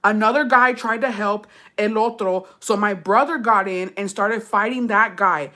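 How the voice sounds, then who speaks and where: A woman's voice: medium pitch, normal speed, sharp tone. Slangy young woman reading a storytime. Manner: laughs often, slangy and profane, mixes Spanish into English. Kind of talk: casual storytime reading with commentary.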